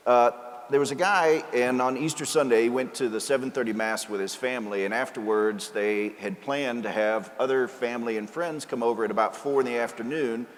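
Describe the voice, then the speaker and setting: Man preaching in a reverberant cathedral. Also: medium pitch. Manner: storytelling with a joke, earnest preaching. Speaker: priest. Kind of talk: sermon. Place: large cathedral. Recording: cathedral reverb, faint ambience.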